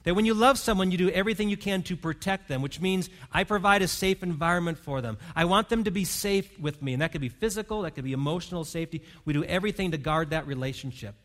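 A man's voice: sits high, fast, few pauses, fairly bright tone. A man preaching a sermon as pastor, earnest and pastoral, leading his congregation in prayer and reading. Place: church hall.

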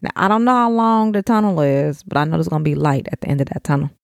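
Low, gravelly-voiced woman podcaster. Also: lively intonation, fast talker, no room sound, studio quality. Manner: emotional, speaks straight to other mothers. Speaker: podcast host. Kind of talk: heartfelt casual talk to listeners.

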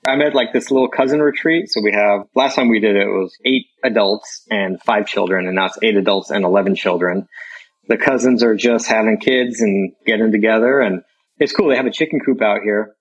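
A man guest on a podcast, telling a story in a relaxed way and laughing often. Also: fairly low pitch, a little fast, breathy edge, dull audio. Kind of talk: casual chat.

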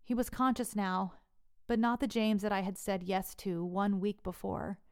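Smooth-voiced woman telling her story. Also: mid-range voice, steady tone, darkish tone. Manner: earnest, measured narration. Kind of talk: personal storytelling.

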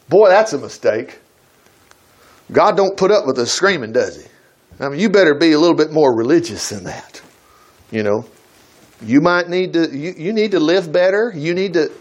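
A man preaching, his voice pitched high and swooping all over as he talks. He reads Bible verses slowly, then breaks off into folksy asides and bursts of praise. His delivery stays lively and expressive throughout. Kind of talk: sermon reading scripture aloud.

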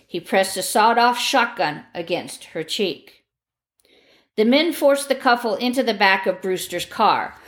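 A woman narrating a true crime story in a grave, measured reading voice. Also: medium pitch, a bit bright.

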